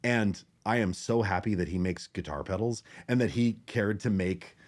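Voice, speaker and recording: A lower-voiced man talking as a podcast guest, eager and warmly enthusiastic about his craft. He laughs often and his energy rises as he gets excited. The tone is casual and grateful. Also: moderate pace. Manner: enthusiastic, self-described nerd, laughs often. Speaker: guest bassist. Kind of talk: casual chat.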